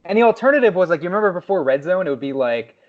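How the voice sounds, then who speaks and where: A man's voice: high voice, very fast, lo-fi sound. A man co-hosting a podcast in casual chat, acting out quoted reactions as he talks. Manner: animated, acts out quoted reactions. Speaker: podcast co-host.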